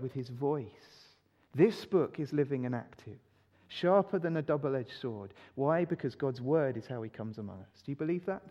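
A male preacher giving a sermon, emphatic, often putting rhetorical questions to his listeners. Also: fairly high pitch. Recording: dull recording in a reverberant hall.

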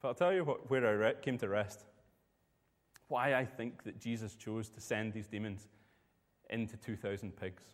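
A man's voice: on the low side, normal speed, big-room sound. A man preaching a sermon, telling a personal story in a conversational way.

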